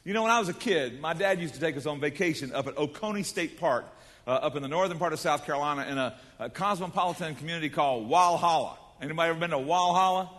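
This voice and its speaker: A man preaching a sermon in a folksy, animated way, with casual asides to the congregation. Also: a little high, quick pace, big-room sound. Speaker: pastor.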